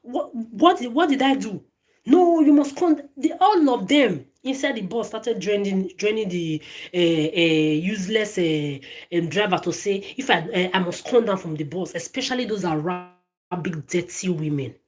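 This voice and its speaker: A woman's voice: medium pitch, moderate pace, hardly any pauses. A woman ranting straight at her phone camera, swearing often, stammering and repeating words and phrases. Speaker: vlogger. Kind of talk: angry direct-to-camera rant.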